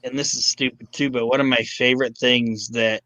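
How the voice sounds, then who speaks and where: A man's voice: mid-range voice, flat delivery, moderate pace, pushed and bright, no room sound. A man in casual podcast chat who keeps laughing and mimicking wrestlers as he tells stories.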